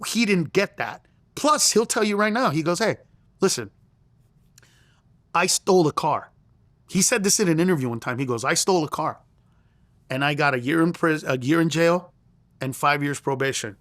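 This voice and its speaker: A middle-aged male comedian telling a story in an interview, animated and profane, acting out the voices he quotes. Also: fairly high pitch, moderate pace, pauses often, no echo. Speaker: comedian guest.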